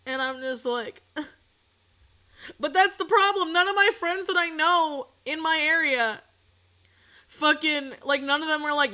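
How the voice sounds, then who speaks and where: A young adult woman streams from home as a VTuber, telling a story slowly in a high-pitched voice. It's a casual, animated rant packed with swearing and sudden outbursts.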